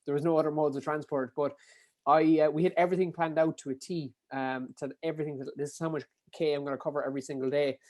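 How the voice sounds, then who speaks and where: A man from Ireland with a Kerry accent tells his stories at a rapid clip. His voice sits a little high, and he talks animatedly with casual swearing and plenty of fillers. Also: steady tone, a little mellow. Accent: Kerry Irish. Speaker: podcast guest, endurance athlete. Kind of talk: casual storytelling.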